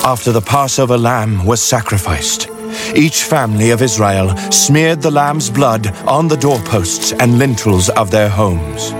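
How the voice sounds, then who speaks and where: A man giving solemn, measured scripted narration of a Bible story. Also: mid-range voice, lively intonation. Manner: measured and grave. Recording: loud music underneath.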